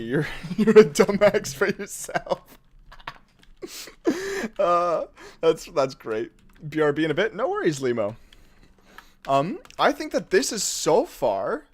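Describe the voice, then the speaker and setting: Guy streaming and reading chat, super lively up-and-down voice, jokey and laughing at himself. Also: fairly high pitch. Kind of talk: casual live-stream chat, reading chat while building.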